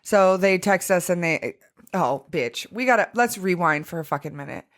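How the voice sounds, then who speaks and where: A woman co-hosting a podcast, telling lively stories in casual chat, acting out quotes and swearing. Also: fairly low pitch, normal speed. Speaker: podcast co-host.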